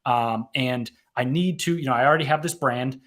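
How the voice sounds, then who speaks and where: A man's voice: medium pitch, normal speed, a bit bright. A man in his thirties, an author and mental health advocate, telling his story in a casual interview, rambling and correcting himself with frequent "right?" tags.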